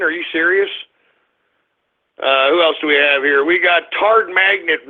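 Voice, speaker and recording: A man hosting an internet radio show, ranting with profanity and shouting outbursts. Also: mid-range voice, normal speed. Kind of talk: call-in internet radio rant. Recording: tinny phone-line quality.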